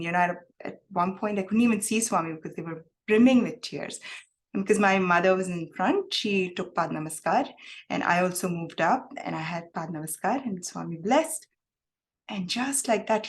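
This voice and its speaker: A young adult woman telling a personal story in a reflective, halting way, with many fillers. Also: mid-range voice. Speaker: guest speaker.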